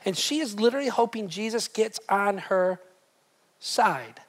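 A man's voice: sits high, lively intonation, moderate pace. A man preaching a sermon as pastor, emphatic, often repeating words and asking the congregation direct questions.

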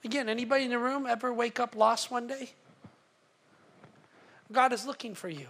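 Forceful, husky-voiced preacher. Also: mid-range voice, normal speed. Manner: animated storytelling, acting out voices, stammering restarts. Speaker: pastor. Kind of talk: sermon. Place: church service.

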